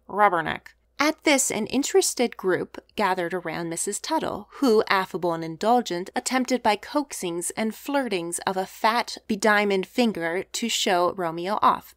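A woman narrates a classic short story in a measured, expressive reading. Her pitch sits mid-range and the sound is dry and close. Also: no room sound. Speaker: audiobook narrator. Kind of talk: scripted narration.

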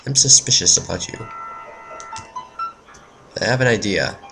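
A woman's voice: very deep voice, unhurried, vocal fry, background noise. A woman giving let's-play commentary on a game, easily frustrated, cursing and talking back at the enemies. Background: game music.

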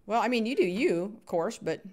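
Excitable woman with a lively, bouncy voice. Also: mid-range voice, brisk. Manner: excitable, chatty, cheering on players and humming sound effects. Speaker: gaming streamer. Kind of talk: live Minecraft stream commentary.

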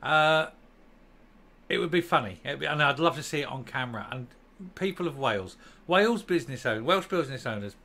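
A man's voice: mid-range voice, lively intonation, moderate pace, sharp tone. A man from England hosting a political opinion vlog, ranting emphatically with a sarcastic edge. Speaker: channel host.

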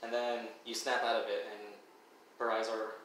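A man runs a tabletop game for his friends and narrates in a loose, halting way, stopping often to search for words. He sits back from the mic in a strongly echoing room. A faint hiss sits under his voice. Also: fairly low pitch, level tone, a bit bright. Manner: halting, full of fillers and restarts. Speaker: dungeon master. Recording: echoey room mic from a distance.

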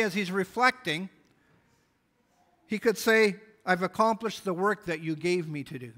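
A man's voice: high voice, pushed and bright. A man pastor preaching a sermon, reading scripture aloud and explaining it earnestly. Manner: earnest Bible exposition, reading scripture aloud with small restarts.

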